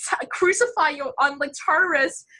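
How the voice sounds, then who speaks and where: A flippant, scheming villain man, as a young woman puts him on in a casual chat about a game. The voice stays high and bright, and the lines come out offhand and mock-casual. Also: moderate pace.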